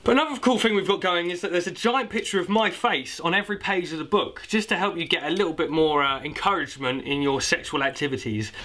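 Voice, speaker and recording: A man's voice: sits high, fast talker, few pauses, sharp tone. A young British man in a comedy sketch, playing an awkward, rambling author plugging his own book. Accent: British English. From Britain. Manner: rambling, awkward, self-promoting. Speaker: comic playing a self-published author.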